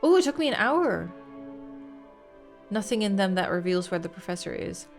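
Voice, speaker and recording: A woman's voice: medium pitch, sing-song, normal speed, faint music behind. A woman giving casual let's-play commentary, chatting and thinking aloud as she plays, swearing when frustrated. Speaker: gaming streamer.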